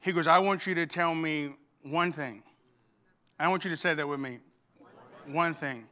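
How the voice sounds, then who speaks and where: A man's voice: on the high side, normal speed, bright, forceful tone, smooth. A middle-aged man preaching a sermon, telling a funny story and acting out the dialogue. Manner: storytelling with humor, acts out dialogue. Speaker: pastor.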